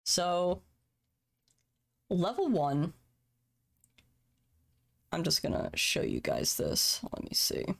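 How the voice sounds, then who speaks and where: A woman's voice: fairly low pitch, wildly swooping pitch, takes it slowly, creaky, pauses often. A woman in her thirties, a streamer, talking candidly and emotionally on a livestream from home, swearing casually. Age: 30s. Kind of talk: candid personal talk on a livestream. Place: home room.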